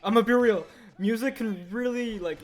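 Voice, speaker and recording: Speaking at an extremely high pitch and a normal pace, a man livestreams while he works on stop-motion animation, with soft music in the background. He chats casually and rambles, correcting himself partway through sentences.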